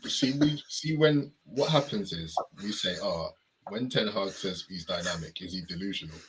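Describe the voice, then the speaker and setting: Lowish-voiced man arguing football. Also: expressive, moderate pace, noisy background. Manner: forceful, argumentative, explains at length. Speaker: panel co-host. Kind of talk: casual football debate.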